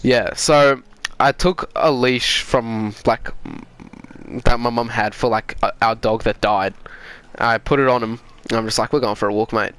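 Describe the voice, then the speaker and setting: A man's voice: medium pitch, unhurried, a bit bright, smooth, no room sound. An Australian man from Sydney telling a story in casual chat, swearing freely and laughing as he goes.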